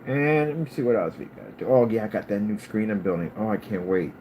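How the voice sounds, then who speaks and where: A man hosting his own channel, talking in a casual rambling monologue and jumping up high when he quotes people. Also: a little fast, lo-fi sound, slight background noise. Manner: animated storyteller, jumps high for quoted lines; scolding, talks straight to a critic. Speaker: channel host.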